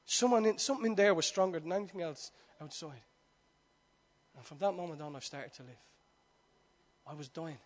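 A man in his forties preaching a sermon with passion, swinging between loud appeals and hushed, intimate stretches, with repeated rhetorical questions. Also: on the high side, fairly quick, pauses often. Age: 40s.

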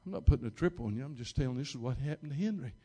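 A male pastor telling a story from the pulpit in a mid-range voice. He rambles, restarts his sentences and repeats little words. He pushes up in pitch and volume when he stresses a point. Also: lively intonation, racing, dark tone. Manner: emphatic, rising in pitch and volume at key moments. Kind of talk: storytelling sermon.

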